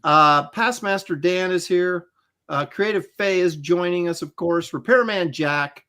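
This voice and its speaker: A man's voice: high voice, a little slow, bright, forceful tone, smooth. A man in his sixties hosting a livestream, reading out chat names with wry asides. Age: 60s. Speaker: host.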